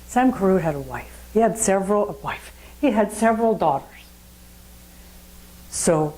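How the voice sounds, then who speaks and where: A woman's voice: on the low side, dark tone, rough recording. A woman giving a sermon at a spiritual centre, telling a story in a conversational way and putting questions to the audience.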